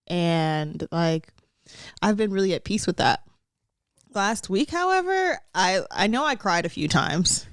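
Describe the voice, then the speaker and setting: A woman's voice: on the low side, animated, a little slow, clean tone, no room sound, studio quality. A young woman co-hosting a podcast, telling candid stories in casual chat and laughing often. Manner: candid, chatty storytelling with frequent laughs. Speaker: podcast co-host.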